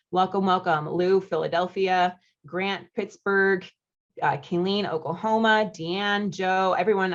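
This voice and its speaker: A woman's voice: on the low side, vocal fry, muffled recording. A woman in her thirties from the United States, a marriage coach hosting a live online masterclass in a chatty, upbeat way, reading out chat comments with friendly asides.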